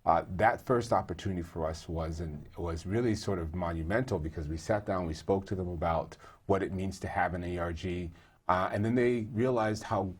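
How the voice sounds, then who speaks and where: A man with a low, slightly husky voice speaks as an interview guest. He talks earnestly and conversationally, slipping into stories and restarting his sentences as he goes. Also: moderate pace. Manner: earnest, storytelling, many fillers and restarts. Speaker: guest, employee group co-leader.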